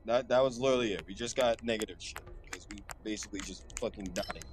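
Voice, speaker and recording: A young man commenting casually on a video game he is playing, swearing a lot and switching between flat muttering and loud outbursts. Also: fairly low pitch, fast, noisy background. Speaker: gamer streamer. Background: game music.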